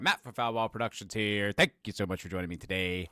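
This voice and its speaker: A man's voice: on the low side, fast talker, sharp tone, smooth, no echo, clean studio sound. A man hosting his podcast as a casual live-stream chat, rambling and joking and greeting chat viewers by name. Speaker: podcast host.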